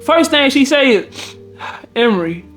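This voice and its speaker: A man's voice: high voice, animated, fairly quick, fairly bright tone, faint music behind. A man from Milwaukee, a dating coach, telling a story in casual, profane speech and acting out the quotes. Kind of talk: storytelling vlog.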